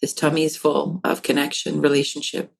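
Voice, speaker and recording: A woman's voice: low-pitched, a little fast, creaky. A woman, a counselor and author, talking in a podcast interview and acting out parents' voices as she explains. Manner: animated, acts out parents' voices in quotes. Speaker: guest, developmental counselor and author.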